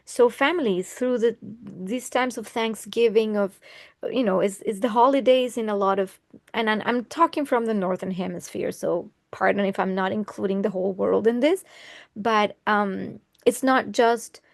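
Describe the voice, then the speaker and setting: A woman's voice: medium pitch, moderate pace, gravelly, dry recording, clean studio sound. A woman astrologer giving an earnest, casual talk, often restarting her phrases and laughing lightly between thoughts.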